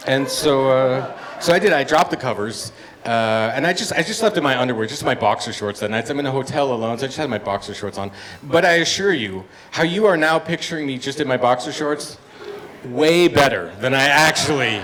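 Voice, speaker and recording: A man in his fifties performing a stand-up comedy set, telling stories and acting out other voices with loud punchlines. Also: medium pitch. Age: 50s. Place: comedy bar stage with live audience. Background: audience laughter and room noise.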